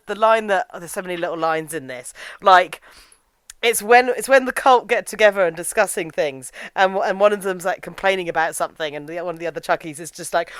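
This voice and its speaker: A woman's voice: on the high side, a bit bright, no room sound. A young woman chatting enthusiastically in a casual film review, full of "like" fillers.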